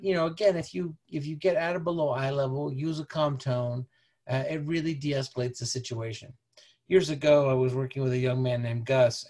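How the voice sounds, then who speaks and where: A man presenting a parenting lecture over slides, talking in a conversational, halting way with many restarts. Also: mid-range voice. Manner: conversational, halting, peppered with "you know".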